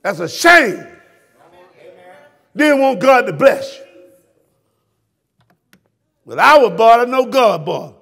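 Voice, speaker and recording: A male pastor with a Southern US accent, preaching a fiery sermon that swings from shouted peaks to hushed drops. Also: extremely high pitch, sing-song, slow pace, gravelly, pauses often. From Florida, US.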